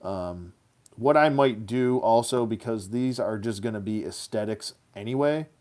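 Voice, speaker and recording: A man's voice: lowish voice, a little slow, darkish tone. A man casually reviewing action figures as he builds them, chatty and goofy, slipping into silly rhymes.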